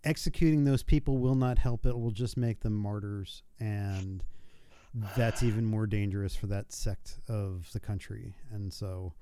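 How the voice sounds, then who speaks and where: Podcast co-host, male, mellow and dry-sounding, sardonic casual chatter. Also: lowish voice, a little slow, clear, resonant tone, dry recording. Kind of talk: casual chat.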